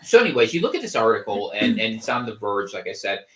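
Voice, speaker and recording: A man's voice: lowish voice, big pitch swings, quick pace. A man hosting a casual podcast livestream from home, rambling with wry gallows humor and frequent restarts. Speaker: podcast host. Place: home room.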